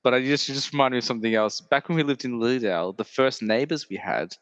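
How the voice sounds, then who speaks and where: A man's voice: medium pitch, fast talker, fairly bright tone, no room sound, big-room sound, dull audio. A man hosting a podcast in casual chat, rambling and joking, often breaking into put-on voices. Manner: rambling, self-interrupting, jokey with put-on voices. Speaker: podcast host.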